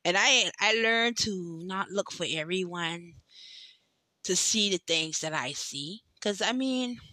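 A podcast host gives a personal monologue straight to her listeners, tearful and overwhelmed, slow and drawn out with long pauses. Her voice is bright yet lowish and expressive, emotional and heartfelt. The recording is dry and close-miked.

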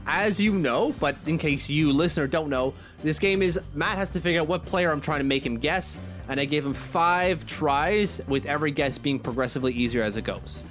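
Male podcast co-host, chatty, rambling, self-correcting, slightly high voice. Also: normal speed, hardly any pauses, a bit bright, soft background music. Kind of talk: casual podcast chat.

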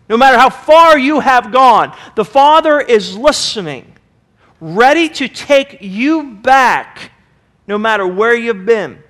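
A man preaching a sermon as pastor, passionate and animated, acting out the people in his story. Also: very high voice, measured pace. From United States. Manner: impassioned preaching, acting out quoted voices.

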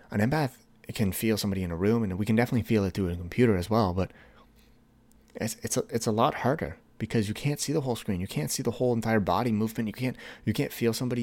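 Low-voiced man hosting a casual podcast. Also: dry recording. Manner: rambling, animated, acts out texts in a higher voice. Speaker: podcast host. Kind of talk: casual solo podcast talk.

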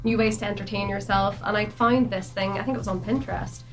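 A woman from the Netherlands chatting as a radio guest, friendly and quick to agree. Clear music runs underneath her voice. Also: medium pitch, steady tone. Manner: friendly and agreeable, often affirming. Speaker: singer, co-founder of an entertainment company. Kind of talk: casual radio interview.

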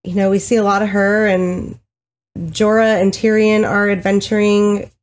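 A woman's voice: medium pitch, little pitch movement, normal speed. A woman co-hosting a podcast, chatting casually, retelling scenes and laughing easily. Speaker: podcast co-host. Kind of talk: casual chat.

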